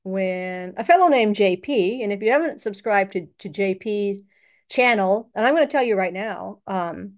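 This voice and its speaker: A woman's voice: mid-range voice, expressive, moderate pace. A woman hosting her own channel, talking in a casual, rambling personal monologue and laughing often. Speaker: channel host.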